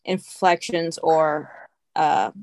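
Woman host, casual, quick little agreeing replies, dry sound. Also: low-pitched, steady tone, a little mellow, no echo. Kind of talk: casual chat.

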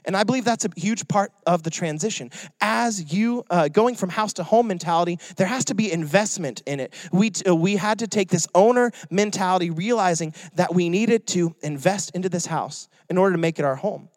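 A man's voice: high voice, brisk, hardly any pauses, dry recording. A young adult man preaching a sermon in a joking, conversational way. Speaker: pastor.

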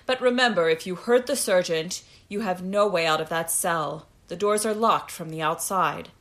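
A woman voicing a cold, commanding interrogator in a storybook reading, with a curt, lower, louder voice. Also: normal speed.

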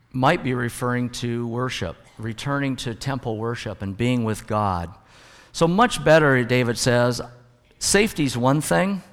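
A male pastor preaching a sermon in a church sanctuary, his mid-pitched voice carrying a long hall reverb. He talks in a relaxed, conversational way from the pulpit and mixes in humorous stories.

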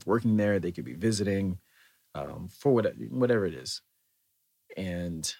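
A man's voice: low voice, darkish tone, husky. An American man talking in a thoughtful, meandering way, with many fillers and restarts, in a reflective solo monologue. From United States.

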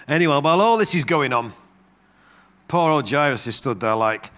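A man's voice: mid-range voice, moderate pace, long pauses. A middle-aged man preaching a sermon, telling stories and acting out the voices of the people in them. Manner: animated storytelling with acted-out quotes.

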